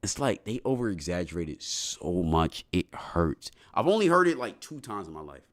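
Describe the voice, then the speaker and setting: A young man talks casually to his livestream chat. His voice sits fairly low but keeps leaping up and down with animated energy. He rambles in loose slang, restarting sentences as he goes. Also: normal speed.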